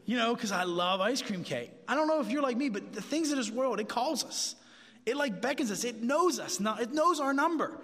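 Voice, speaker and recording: A man giving a casual, animated sermon as a pastor, often repeating himself as he goes. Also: extremely high pitch, brisk, long reverb tail.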